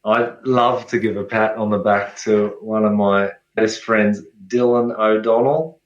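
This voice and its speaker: Man, guest researcher, relaxed, friendly, lowish voice, roomy echo, dull remote call audio. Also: unhurried. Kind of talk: casual interview chat.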